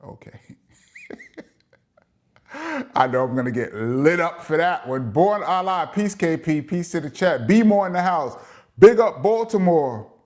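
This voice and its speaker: A man's voice: on the high side, lively intonation, a little slow, pauses often. Middle-aged man, New York accent, casual livestream host, long-winded, reads chat aloud. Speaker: host of a live chat show. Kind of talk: casual livestream chat, reading viewer comments.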